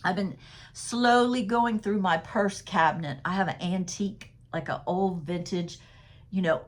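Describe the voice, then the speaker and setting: A woman's voice: mid-range voice, fairly bright tone. Chatty woman selling purses. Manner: chatty, laughs often, talks straight to viewers. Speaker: resale seller. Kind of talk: casual sales haul vlog.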